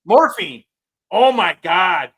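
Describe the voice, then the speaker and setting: A man in his sixties co-hosting a casual podcast, telling stories with halting starts and restarts. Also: high-pitched, sing-song, creaky, crowd noise, low-quality recording. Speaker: podcast co-host. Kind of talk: casual chat.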